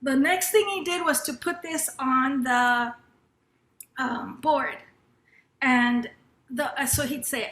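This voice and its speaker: A high, bright woman's voice, middle-aged and from Los Angeles, recounts a personal story at an educators' event. She talks loosely, with fillers and restarts, and acts out a teacher's lines. The sound has a noticeable room echo. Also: moderate pace. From Los Angeles, United States. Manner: conversational, with frequent fillers and restarts. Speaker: panel speaker at an educators' summer institute.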